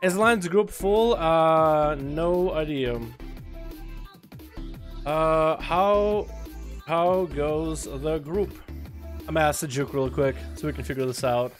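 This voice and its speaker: A man's voice: a little high, takes it slowly, long pauses, faint music behind. A man streaming a game, chatting casually with viewers, greeting them by name, teasing and swearing. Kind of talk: casual livestream chat.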